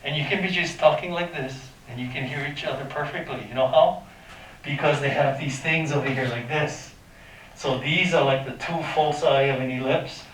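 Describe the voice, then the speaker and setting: Captured from far off in an echoey classroom with a little hiss or hum, a man teaches math at a moderate pace. His voice is slightly high and fairly bright with fairly even intonation, and he talks informally, quizzes students, and makes sound effects.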